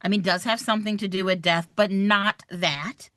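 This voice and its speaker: A woman, running a live online review for a real estate exam, chatty and animated as she talks straight to her viewers. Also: mid-range voice, normal speed, dry recording, studio quality.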